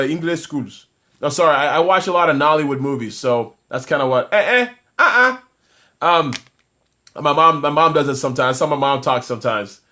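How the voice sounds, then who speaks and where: Energetic man, slightly high voice. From Toronto, Canada. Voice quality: energetic, talkative, many restarts. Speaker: business coach. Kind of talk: live-stream talk reading viewer comments.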